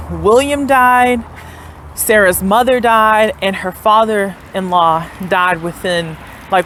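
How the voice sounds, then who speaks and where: A woman's voice: medium pitch, a little hiss or hum. A young woman talking casually to her viewers while touring a historic house, filling her talk with "like" and unsure asides. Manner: chatty, many "like" fillers, unsure asides. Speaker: vlogger. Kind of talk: casual travel vlog narration. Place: outdoors and in a tourist building.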